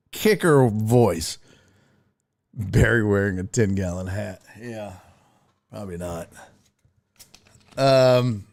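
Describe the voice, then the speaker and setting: A middle-aged man hosting a casual sports talk stream, chatting with viewers in a profane, jokey way. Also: medium pitch. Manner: profane, animated, jokey, slips into mock voices. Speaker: sports talk show host. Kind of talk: casual live-stream chat, reading viewer comments.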